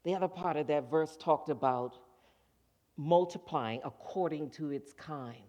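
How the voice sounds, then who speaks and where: Animated preacher telling a story. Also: mid-range voice, a little slow. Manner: animated storytelling, acts out quoted voices. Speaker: minister. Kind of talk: sermon. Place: church sanctuary.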